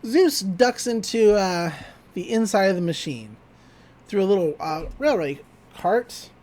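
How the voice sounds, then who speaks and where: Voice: mid-range voice, animated, measured pace, a little mellow, rough recording. A podcast host casually retelling a cartoon episode, chatty and giggly, with lots of "uh" and "like" and little acted-out character lines.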